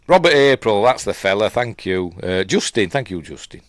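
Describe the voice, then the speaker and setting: A man's voice: on the low side, big pitch swings, normal speed, no echo. A middle-aged man with a Yorkshire accent hosts a casual film breakdown. He rambles, trails off and restarts while chatting with viewers. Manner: chats with live viewers while watching. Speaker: host.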